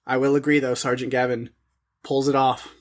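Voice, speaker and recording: Guy cohosting a podcast, dry sarcastic chat, laughs a lot, mid pitch. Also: level tone, moderate pace. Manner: wry, sarcastic, laughs often. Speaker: podcast co-host. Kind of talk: casual chat reviewing a film.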